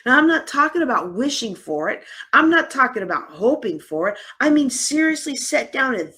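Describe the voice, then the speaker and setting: A woman giving a lively live conference workshop, teasing her audience with sarcasm. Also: sits high, moderate pace. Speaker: host and workshop speaker. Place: conference room.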